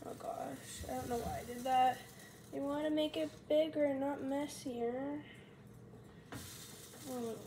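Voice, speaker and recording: At home in her kitchen, a woman casually talks through a cooking tutorial, chatty and self-mocking as she thinks aloud. Her high voice is steady and slow, with frequent pauses. A loud kitchen fan runs in the background.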